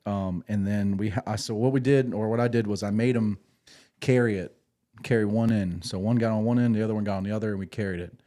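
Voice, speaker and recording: A former infantry Marine hosting a podcast, telling stories in a casual, rambling way with restarts and profanity. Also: male voice, lowish voice, steady tone, fast, warm tone. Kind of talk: casual storytelling.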